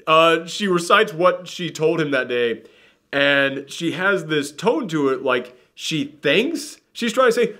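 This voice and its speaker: A young man reviewing a movie in a casual chat, talking in an animated way and using lots of fillers. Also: fairly high pitch, unhurried. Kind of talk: casual conversation.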